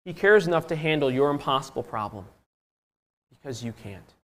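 A male preacher giving a sermon, reading scripture aloud and swinging between loud emphasis and hushed, drawn-out phrases. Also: on the high side, animated. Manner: reads scripture in old-fashioned biblical wording.

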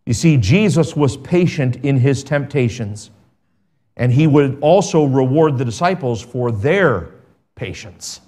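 A man preaching a sermon as pastor, reading scripture aloud and swinging between emphatic and quiet delivery. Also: mid-range voice, expressive, unhurried.

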